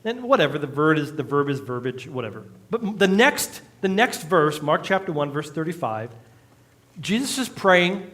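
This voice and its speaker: A man's voice: a little high, big pitch swings, normal speed, fairly bright tone. A male pastor, preaching a conversational sermon with jokes and acted-out quotes in a church. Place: church sanctuary.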